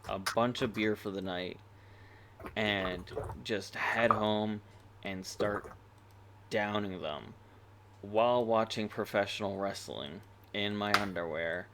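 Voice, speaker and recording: A young man in his twenties co-hosting a podcast, rambling and poking fun at himself, with loud bursts when he jokes. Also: lowish voice, slight background noise. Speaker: podcast co-host. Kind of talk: casual chat.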